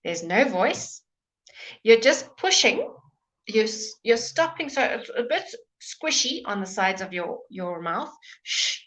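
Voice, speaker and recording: A woman's voice: a little high, very animated, a little slow, a bit bright. A woman teaching English pronunciation in a live online lesson, patiently modelling sounds and encouraging questions.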